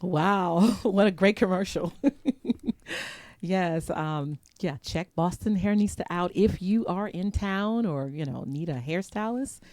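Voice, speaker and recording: A woman's voice: lowish voice, a little slow, darkish tone. A woman hosting a live show, chatty and rambling, laughing often and losing her place in her notes. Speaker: host.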